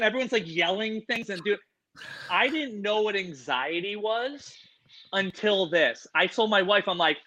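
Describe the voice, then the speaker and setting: A bright, forceful man with a fairly high voice tells stories in a lively, animated way and bursts into voices for the people in them. The sound is dull and lo-fi. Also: measured pace. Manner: animated storytelling, acts out voices. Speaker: animal show presenter. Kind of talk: casual chat.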